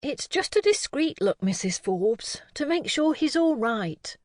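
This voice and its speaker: A woman's voice: high-pitched, sing-song, a little slow, darkish tone, no room sound, clean studio sound, pitched above the performer's own voice. Woman doing a fretful, insistent older lady.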